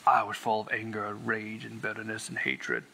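A man's voice: fairly low pitch, animated, moderate pace, vocal fry, bright, forceful tone, husky. A man earnestly telling his personal faith testimony, stressing words and repeating them for weight. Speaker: Christian sharing a testimony.

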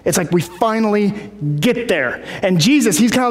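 Man, preacher, high voice, casual rambling sermon, lots of fillers, long hall reverb. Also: lively intonation, normal speed, few pauses. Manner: rambling, many fillers and restarts.

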